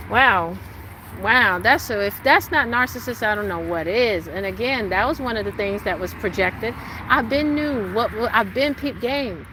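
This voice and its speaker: A woman venting angrily in a monologue, cursing and swinging from low mutters to loud outbursts, recorded on a phone. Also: animated, moderate pace, a little hiss or hum. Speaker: vlogger living in a tent.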